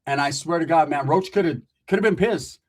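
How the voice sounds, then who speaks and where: Husky-voiced man telling a rambling street story. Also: a little high, a little fast, darkish tone. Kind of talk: casual storytelling.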